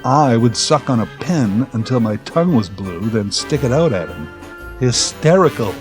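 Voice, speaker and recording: A man's voice: mid-range voice, animated, normal speed, soft background music. A man from the prairies, narrating a comic memoir with dry, self-mocking asides. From Canadian prairies. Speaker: storyteller.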